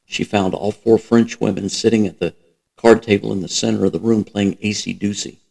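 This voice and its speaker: A man reading a novel aloud as host, in a steady, even narration. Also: lowish voice, normal speed, gravelly, low-quality recording. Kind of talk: audiobook-style reading.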